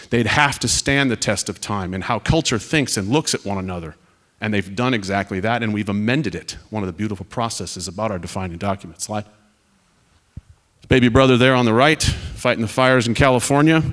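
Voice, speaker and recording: A man's voice: fairly low pitch, a bit bright. A man in his forties, a retiring Air Force officer, speaking earnestly to students at a panel, telling stories over slides with wry asides. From United States.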